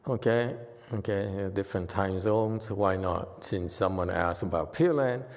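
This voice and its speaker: A man teaching Buddhism online, talking in a chatty, reassuring way with frequent fillers. His voice is fairly low, and a long reverb trails each phrase. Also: measured pace. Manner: soothing, repetitive, chatty with fillers. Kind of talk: Dharma talk with Q&A.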